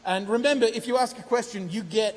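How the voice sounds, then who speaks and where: A man's voice: high voice, a little fast. A man hosting a live convention panel, upbeat and repeating questions from the audience. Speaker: panel host. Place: large convention hall stage. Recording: convention hall reverb, faint hiss.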